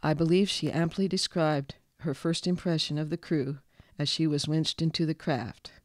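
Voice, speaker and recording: A man reading a local history story aloud in a calm, measured scripted narration. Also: fairly high pitch, no echo, studio quality.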